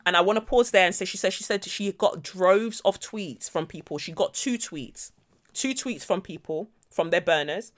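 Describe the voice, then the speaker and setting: A woman podcast co-host telling a story in a blunt, animated way with frequent swearing. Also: fairly low pitch, moderate pace. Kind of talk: casual storytelling chat.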